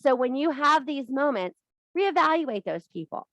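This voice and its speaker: A woman's voice: high voice, animated, moderate pace, a bit bright, no echo. Blunt, swearing woman giving a spiritual talk. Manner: blunt and profane, emphatic repetition. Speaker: witchcraft teacher and live streamer. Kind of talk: casual spiritual pep talk.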